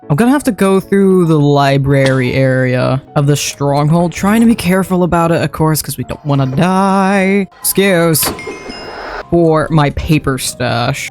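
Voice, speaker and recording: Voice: medium pitch, measured pace, a little mellow, faint music behind. A gameplay commentator talking casually while playing, rambling and correcting themself with playful asides.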